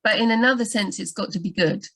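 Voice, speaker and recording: A book doctor offers writing advice in a live video-call Q&A, animated and full of quick asides and restarts. Her mid-range voice has a breathy edge.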